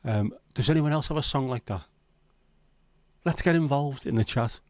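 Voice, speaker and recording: A Liverpool man with a Scouse accent chats casually on his livestream, rambling and cursing as he banters with viewers. His mid-range, slightly mellow voice keeps a moderate pace in a dry recording.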